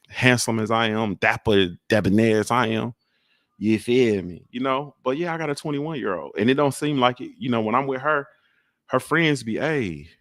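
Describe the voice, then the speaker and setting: A man's voice: medium pitch, fairly bright tone, dry recording, clean studio sound. A man in his forties hosting a casual show from home, joking loosely in streetwise slang. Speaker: podcast host. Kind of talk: casual chat. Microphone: desk mic.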